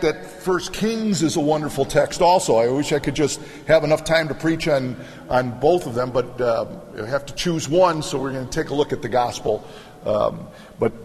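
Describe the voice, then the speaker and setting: A middle-aged man preaching a sermon, telling stories in an animated way and acting out the voices in them. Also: medium pitch, moderate pace, big-room sound, slight background noise. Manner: animated storytelling, acts out scripture voices. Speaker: pastor.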